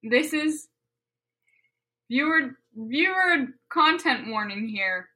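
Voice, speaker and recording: A high, bright woman's voice with a lot of swing in pitch, taking her time over each line. She reads a story aloud in a casual comedy chat and breaks off into animated exclamations. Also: slow, poor audio. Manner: animated, bursts into loud exclamations and laughter. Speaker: co-host reading a fan fiction aloud.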